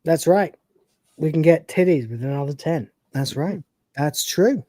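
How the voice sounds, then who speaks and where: Woman, podcast co-host, rambling profane recap, lowish voice, dry close sound. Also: animated, measured pace, warm tone, no room sound. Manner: rambling, profane and chatty, acting out scenes. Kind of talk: casual live-stream episode recap.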